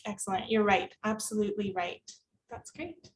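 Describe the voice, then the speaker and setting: A woman's voice: medium pitch, normal speed, far from the mic, a little hiss or hum. A woman teacher, presenting at a workshop in an encouraging, playful way.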